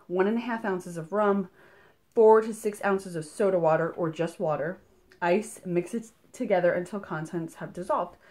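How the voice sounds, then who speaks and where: A woman vlogging casually as she unboxes a subscription box at night, chatty and excitable, gushing over each item and a little out of breath. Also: medium pitch. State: slightly out of breath. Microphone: camera mic, filming at night indoors.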